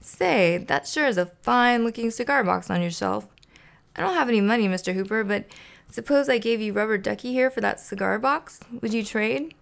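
Woman voicing a bouncy, eager puppet guy, pitched up, gravelly edges, storybook read-aloud. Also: a little fast. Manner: bright and eager. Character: cheerful, bouncy male puppet.

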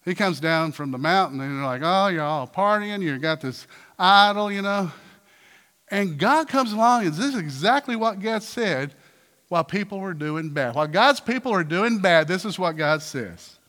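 A man preaching a sermon in a church, animated, firing rhetorical questions and acting out quotes. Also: high-pitched, moderate pace, big-room sound. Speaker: pastor.

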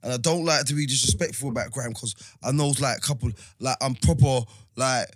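A man's voice: medium pitch, a little fast, no room sound, studio quality. A young man with a London accent, chatting in a laid-back, rambling way on a casual podcast. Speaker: podcast co-host. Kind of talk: casual chat.

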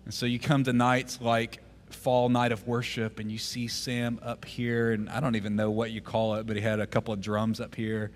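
Delivering his sermon, this pastor tells a story, lowering his voice almost to a whisper at gentle points and pressing hard when exhorting the congregation. His medium-pitched delivery is monotone and moderately paced with barely any pauses, over slight background noise.

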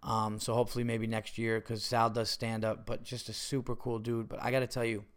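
A man hosting a podcast, telling rambling stories in casual chat. He swears often and gets loud and excitable. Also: medium pitch, brisk. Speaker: podcast host and comedian. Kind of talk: casual storytelling monologue.

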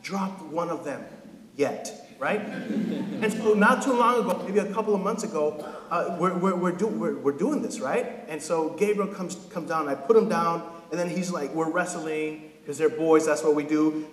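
A man's voice: a little high, normal speed. A man in his thirties preaching a casual, joking sermon as a pastor, often checking in with his listeners. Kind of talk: conversational sermon. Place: church sanctuary. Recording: echoey hall with long reverb.

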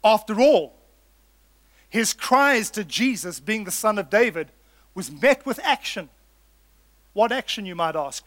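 A man with a high voice delivers a sermon. He speaks earnestly and with emphasis, returning again and again to key lines. He calls his listeners folks. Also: fairly bright tone, dry recording. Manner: earnest, emphatic, builds with repetition. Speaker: preacher.

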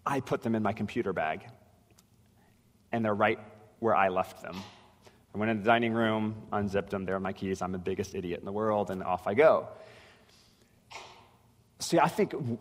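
A man pastor delivering a sermon in a loose, conversational storytelling manner, stumbling and restarting his phrases as he goes. His mid-range voice rings out with a long hall reverb around it. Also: mid-range voice. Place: church sanctuary.

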